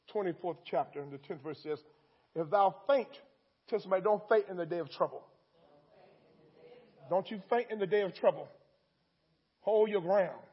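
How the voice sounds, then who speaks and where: A man's voice: sits high, breathy edge, dull audio. A man preaching a sermon in a call-and-response style, repeating lines with rising emphasis.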